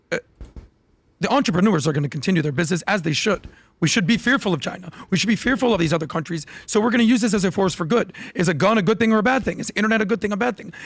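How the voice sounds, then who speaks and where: A man's voice: high-pitched, gravelly, dry recording. A man on a podcast panel arguing politics emphatically, asking rhetorical questions and talking over the others. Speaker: podcast guest.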